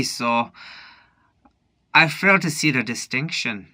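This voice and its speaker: Tipsy man in a bright put-on Irish brogue. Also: fairly high pitch, expressive. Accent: put-on Irish, drifting to Newfoundland. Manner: rambling, halting, with many restarts. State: drunk. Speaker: vlogger. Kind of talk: rambling late-night monologue.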